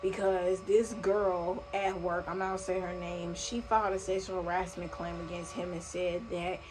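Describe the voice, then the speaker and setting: A young woman telling a personal story in a casual storytime vlog, animated and slangy, swearing freely, recorded at home on a phone or camera mic. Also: fairly low pitch, normal speed, over music. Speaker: vlogger. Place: home room, vacuum running nearby.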